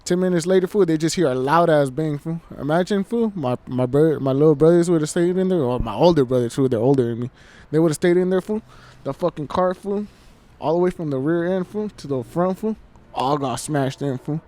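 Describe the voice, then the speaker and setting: A man with a dark, mellow voice and a somewhat high pitch tells a story in loose, profane street slang, dropping "fool" into nearly every line. He talks casually and stumbles through restarts as he goes. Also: a little fast. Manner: slangy, swears a lot, says "fool" constantly. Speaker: podcast co-host. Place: outdoors at night. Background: faint train.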